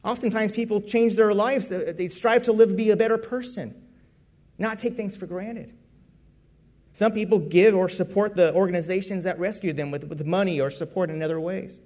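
High-voiced man preaching a story sermon. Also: normal speed. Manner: conversational, lively storytelling.

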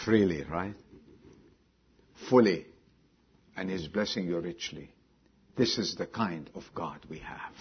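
A man preaching a sermon, dropping low and quiet, then bursting out loud and high, and asking the congregation direct questions. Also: slow pace, long pauses, breathy edge, muffled recording. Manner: swings from low quiet lines to sudden loud high exclamations. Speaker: pastor.

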